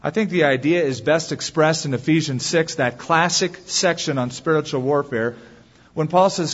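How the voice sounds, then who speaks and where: Male pastor preaching a sermon, fairly high voice, dull muffled recording. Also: moderate pace, slightly rough. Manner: storytelling, acts out quotes with lively shifts. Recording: dull sound with long hall reverb.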